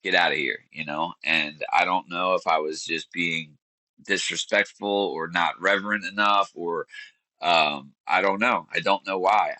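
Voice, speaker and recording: Earnest man in his thirties, low bright voice. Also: no echo, rough recording. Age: 30s. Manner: earnest, searching for words. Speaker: podcast guest. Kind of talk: candid interview storytelling.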